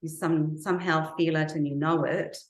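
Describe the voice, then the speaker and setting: Low-pitched woman telling her story in an interview, earnest and reflective, echoey room. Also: steady tone, normal speed. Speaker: interview guest. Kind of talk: personal testimony in an interview.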